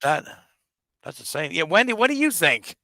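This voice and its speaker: Excitable male co-host, bright tense voice, dry sound. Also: fairly high pitch, normal speed, dry recording. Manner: excitable, stammering, repeats words. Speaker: livestream co-host. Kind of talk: casual livestream chat.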